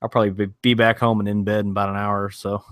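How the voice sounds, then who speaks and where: A man's voice: fairly low pitch, flat delivery, rapid-fire, fairly bright tone, no room sound, clean studio sound. A man in his thirties co-hosting a podcast, laid-back and casually profane, laughing often. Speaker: podcast co-host. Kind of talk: casual chat.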